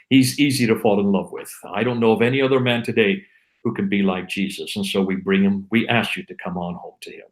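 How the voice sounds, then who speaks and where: A man's voice: lowish voice, steady tone, fairly quick, rough recording. A man giving an impassioned, preaching monologue on a livestream, exhorting listeners with repeated, emphatic refrains. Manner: fervent, exhorting. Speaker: livestream co-host, Christian apologist.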